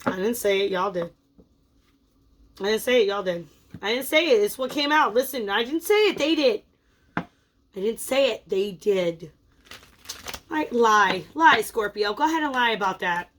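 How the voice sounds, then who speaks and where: A woman's voice: medium pitch, lively intonation, normal speed, long pauses, fairly bright tone, slight background noise. A woman giving a casual tarot reading in a playful, teasing, chatty way. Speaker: tarot reader.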